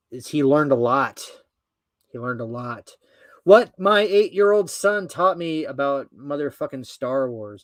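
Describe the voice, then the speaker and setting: A man's voice: medium pitch, no echo, clean studio sound. A man hosting a podcast who reads an article aloud and comments on it in a rambling, profane way. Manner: profane, rambling, full of fillers and asides. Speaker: podcast host.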